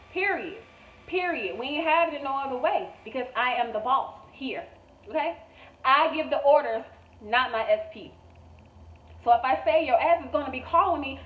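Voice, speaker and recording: A woman's voice: sits high, recorded from a distance. Woman with a thin, echoey phone-like sound. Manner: emphatic, repetitive, blunt and profane. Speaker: manifestation coach. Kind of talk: motivational vlog monologue.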